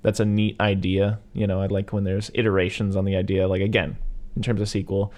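Low-voiced man rambling about films. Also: flat delivery, fairly quick, a little mellow. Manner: rambling, with lots of fillers. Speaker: podcast co-host. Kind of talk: casual chat about movies.

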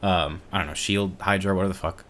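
Male podcast co-host, lowish voice, relaxed rambling recap delivery. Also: fast. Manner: laid-back, rambling, drops swear words and laughs. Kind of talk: casual movie recap chat.

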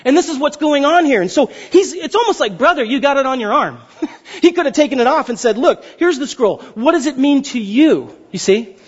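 A man in his thirties preaching a sermon as pastor, excitable and fast-talking, often asking the crowd questions. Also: very high-pitched, highs cut off.

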